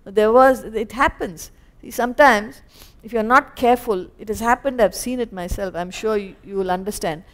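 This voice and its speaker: A woman with an Indian English accent teaching scripture as a spiritual teacher, animated and acting out little scenes. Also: medium pitch, normal speed. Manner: animated, acts out little scenes in quoted voices. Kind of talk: lecture on scripture. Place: lecture hall.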